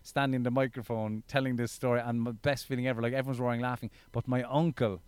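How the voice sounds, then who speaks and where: An Irish stand-up comedian in his thirties, telling stories in a casual interview, animated and swearing freely. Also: mid-range voice, fast, clear, resonant tone, no room sound. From Ireland. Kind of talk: casual storytelling in a podcast interview.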